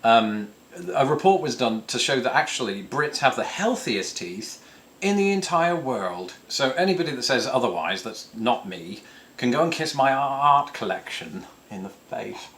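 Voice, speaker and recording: In this casual chat to camera, a thirtysomething man from England fields viewer questions with puns and wry, self-deprecating jokes. His British accent rides a medium-pitched, slightly bright voice, very animated, at a moderate pace.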